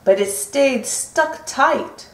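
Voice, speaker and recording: A woman reading a picture book aloud to children in a gentle, sing-song way. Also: sits high, animated, extremely slow. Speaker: storybook reader. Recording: roomy echo from a distant mic.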